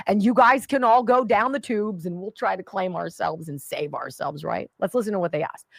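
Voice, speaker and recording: A woman's voice: on the low side, no room sound. A woman hosting a talk radio show, delivering a sarcastic, combative monologue.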